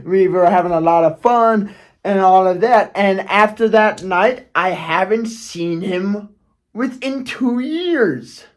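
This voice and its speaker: A man's voice: sits high, slow pace. A man telling a personal story on his video channel, rambling and often checking in with "okay?". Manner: rambling, keeps asking "okay?", restarts, swears. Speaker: YouTuber. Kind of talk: casual storytelling vlog.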